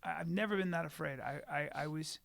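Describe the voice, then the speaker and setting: A man's voice: fairly high pitch, fast, creaky, a bit bright, no room sound. A man co-hosting a podcast as a comedian, talking in casual chat with frequent restarts and casual swearing.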